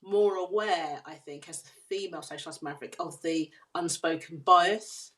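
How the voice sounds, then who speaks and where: A woman guest on a podcast interview, explaining her ideas on leadership in an earnest, measured way. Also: on the low side, steady tone, a bit bright. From United Kingdom.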